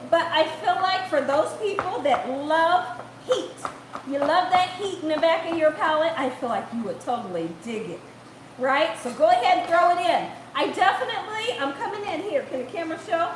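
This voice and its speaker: High-voiced chatty woman cooking. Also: expressive, moderate pace, echoey room, background noise. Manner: chatty, laughs often, reads chat aloud. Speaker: cooking channel host. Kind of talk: live-stream cooking chat. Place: home kitchen.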